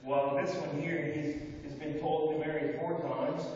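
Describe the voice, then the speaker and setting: A man with a fairly high voice delivers an emphatic, repetitive sermon to an audience in a large hall, his force rising and falling while his pitch contour stays flat at a normal pace. It was captured on a phone from among the listeners, so the sound is dull, distant and echoey, with crowd noise.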